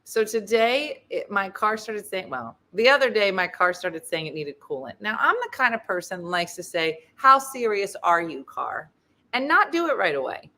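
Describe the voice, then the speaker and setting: Animated, bright-voiced woman telling stories. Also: mid-range voice, moderate pace, hardly any pauses. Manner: animated, acts out quoted voices. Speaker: host. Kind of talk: casual comic storytelling.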